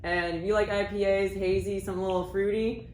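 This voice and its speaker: A woman's voice: medium pitch, level tone, quick pace, a little mellow, echoey room, slight background noise, poor audio. A woman on a radio show talking up a beer in an upbeat, casual way. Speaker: radio guest.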